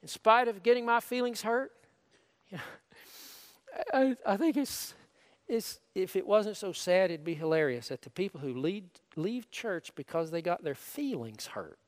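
Male pastor, high lively voice, earnest conversational sermon in a reverberant sanctuary. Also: unhurried. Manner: earnest, conversational preaching with frequent restarts. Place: church sanctuary. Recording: long hall reverb.

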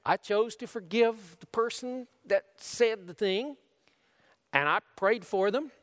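Male pastor, high lively voice, earnest conversational sermon in a reverberant sanctuary. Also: slow. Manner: earnest, conversational preaching with frequent restarts. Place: church sanctuary. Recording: long hall reverb.

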